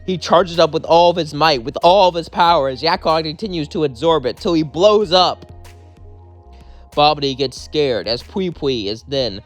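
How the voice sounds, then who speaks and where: A man's voice: a little high, normal speed. A man narrating a fan-fiction story in a casual, conversational way. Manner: conversational, plain. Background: faint music.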